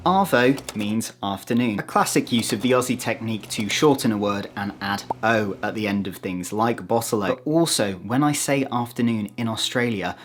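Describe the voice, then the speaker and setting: A man with a British accent, talking casually to camera in a chatty, self-mocking way with joking asides. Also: fairly low pitch. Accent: British English. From United Kingdom. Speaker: vlogger.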